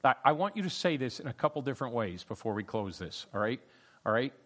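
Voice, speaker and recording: A man's voice: mid-range voice, big pitch swings, fast, a bit bright. A middle-aged man leading an interactive Bible study class, calling on students by name with a playful, chatty manner and plenty of fillers.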